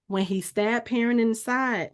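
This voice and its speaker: A woman hosting a podcast, recapping a TV episode in casual chat, telling it in an expressive, emotional way with casual fillers. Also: fairly high pitch, moderate pace, smooth. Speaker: podcast host.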